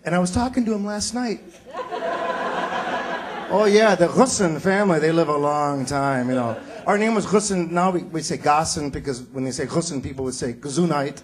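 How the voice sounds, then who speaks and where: A man doing a stand-up comedy set on a theater stage, delivering punchlines with animated energy and slipping into character voices. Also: fairly high pitch, moderate pace, crowd noise. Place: theater stage before a live audience. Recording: live stage recording with loud audience laughter.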